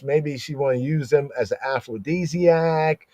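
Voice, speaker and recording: A man giving a casual, lively scripture lesson, reading verses aloud and acting out the characters as he explains them. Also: mid-range voice, unhurried, few pauses, no echo, highs cut off. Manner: conversational, animated, reads verses and acts out the characters. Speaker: Torah study teacher.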